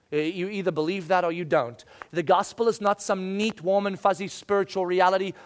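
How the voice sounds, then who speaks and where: A male pastor with a high voice preaches an animated sermon. He swings from loud to hushed and drops in humorous asides.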